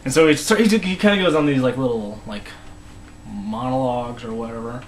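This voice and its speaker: A man talks through a sitcom episode in a loose, halting way, restarting sentences and letting his voice sink into mumbles. His pitch sits in an ordinary middle range. A faint hiss runs under the recording. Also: low-quality recording. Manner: rambling, halting, many restarts and trailing mumbles. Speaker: episode reviewer. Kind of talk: casual solo recap.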